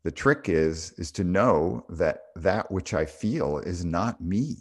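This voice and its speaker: Brief: middle-aged man, deeper voice, podcast co-host, thoughtful storyteller who hesitates and restarts. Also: animated, slow. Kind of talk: casual spiritual podcast talk.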